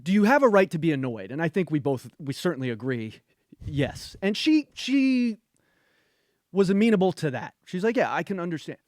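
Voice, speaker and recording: A man co-hosting a podcast in casual chat, his voice sitting a little high. He tells everyday stories with animated, chatty energy. The sound is dry and close, with no room around it. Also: normal speed, no echo. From North Carolina, USA. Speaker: podcast co-host.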